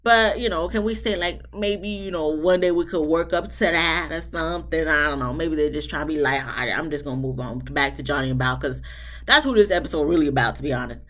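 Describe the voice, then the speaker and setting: Low-voiced woman recapping reality TV. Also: fairly quick, a bit bright. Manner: chatty, candid, breaks off to vent at the cast. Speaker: TV show reviewer. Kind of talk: casual reality-TV recap commentary.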